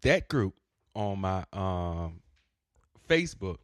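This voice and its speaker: A man hosting his own podcast, rambling in a casual monologue, cursing freely and breaking into sudden shouts. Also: deep voice, sing-song, takes it slowly, smooth, no room sound, studio quality. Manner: profane, loud swings and sudden shouts. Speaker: podcast host.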